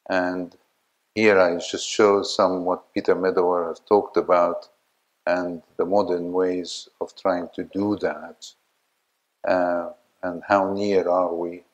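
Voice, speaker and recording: Slow, deep-voiced older male lecturer. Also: poor audio. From Egypt. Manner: slow, halting delivery with frequent fillers; asks the audience questions. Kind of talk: academic lecture.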